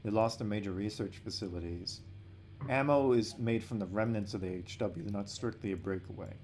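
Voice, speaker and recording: A man talks casually on a livestream, low in pitch and blunt in manner, cursing without a second thought. Faint background noise sits under his voice. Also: brisk, a little mellow. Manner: blunt, swears freely, answers questions. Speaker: animator hosting a livestream.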